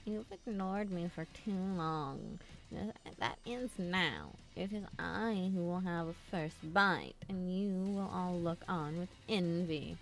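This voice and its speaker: Nasal, slow, smug student , woman doing the voice. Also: fairly low pitch, lively intonation, faint music behind, rough recording. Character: pushy young male student, whiny.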